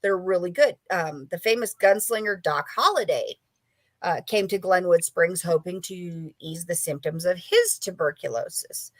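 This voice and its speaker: A woman's voice: on the low side, moderate pace, dry recording. Woman guest rambling thru a story, lotsa um and you know, dry close sound. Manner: rambling, filler-heavy, chatty. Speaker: author and paranormal investigator guest. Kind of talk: casual storytelling interview.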